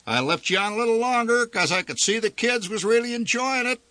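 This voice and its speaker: A man's voice: very high-pitched, fairly quick, sharp tone, no room sound, voice pushed up. A man voicing a hearty, folksy middle-aged ride operator in a spoken story. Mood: chummy.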